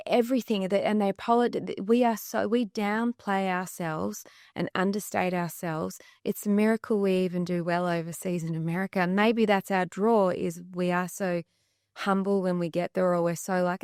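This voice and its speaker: An Australian woman talking as a podcast guest in a lively, casual way, often acting out other people's voices. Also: mid-range voice, moderate pace, smooth, no echo, clean studio sound. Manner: animated, acts out quoted voices. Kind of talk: casual chat.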